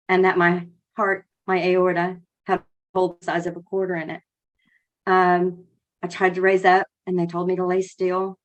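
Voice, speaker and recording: Middle-aged female guest, low voice, emotional and close to tears. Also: muffled recording. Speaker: podcast guest, former 911 operator. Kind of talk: personal account on a podcast.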